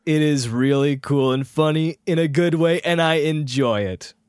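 A man's voice: on the high side, moderate pace, a little mellow, smooth, no room sound, clean studio sound. A man co-hosting a casual podcast, rambling and self-deprecating, with his voice often trailing off. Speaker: podcast co-host.

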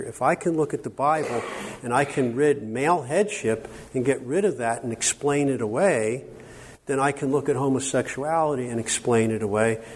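A man's voice: medium pitch, slightly rough. A man giving a workshop lecture in a conversational, emphatic way, often checking in with the audience. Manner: conversational, frequent "okay?" check-ins, emphatic. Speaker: workshop speaker. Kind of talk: conference lecture.

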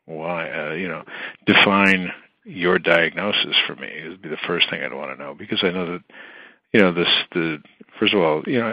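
A man's voice: sits low, dry recording, muffled recording. A man, a guest on a radio talk show, speaking casually and rambling with many fillers and restarts. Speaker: guest, entertainment manager.

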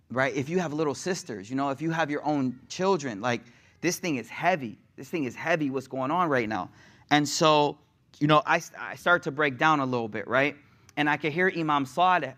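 A young adult man with a mid-range, sharp-toned voice teaches a sermon as a religious teacher. His style is casual and full of slang, building toward raised, passionate delivery.

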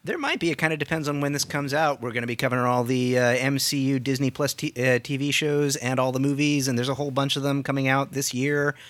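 A man co-hosting a podcast, jokey and quick with asides. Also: mid-range voice, a bit bright. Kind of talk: casual chat.

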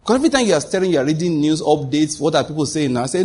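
A man's voice: on the high side, animated, racing, darkish tone, slightly rough. A man preaching a sermon as pastor, asking the congregation rhetorical questions and answering them.

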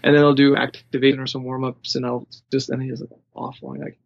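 A man's voice: medium pitch, level tone, fast, gravelly, lo-fi sound. A man who coaches runners, talking casually and rambling with lots of "you know" fillers. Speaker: running coach. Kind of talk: casual podcast conversation.

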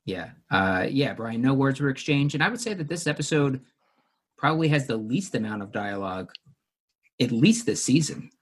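A man's voice: medium pitch, expressive, normal speed, husky. A man recapping and discussing a television episode with co-hosts in a casual chat, with frequent fillers.

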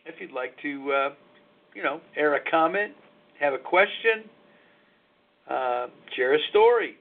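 A man's voice: fairly high pitch, expressive, a little slow. A middle-aged man hosting a live recovery call-in show, talking in a frank, reflective, confessional way. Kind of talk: candid personal talk on live radio. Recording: narrow phone-like lo-fi line.

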